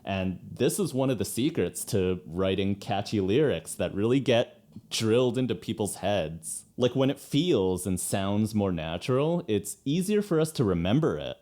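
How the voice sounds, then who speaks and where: A man's voice: fairly low pitch, very animated, moderate pace, dark tone. A man reacting to a live song and explaining lyrics, now and then singing a line to show a point. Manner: explains, breaks into sung lines. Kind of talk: casual music commentary. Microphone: headphones on.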